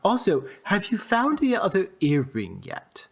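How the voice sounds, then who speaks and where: An eccentric male trader in a tabletop game, grand and vague, as a game master puts him on. He talks in a fussy, flowery way, lifted a little higher than the performer's own voice. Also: huge pitch swings, a little slow, gravelly, slightly rough, exaggerated voice.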